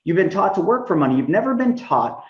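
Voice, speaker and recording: A man's voice: sits high, quick pace, reverberant, highs cut off. A man speaking as a podcast guest, telling stories energetically and acting out the dialogue. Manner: energetic, acts out quoted dialogue in a raised voice. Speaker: guest, money mentor. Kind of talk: animated storytelling interview.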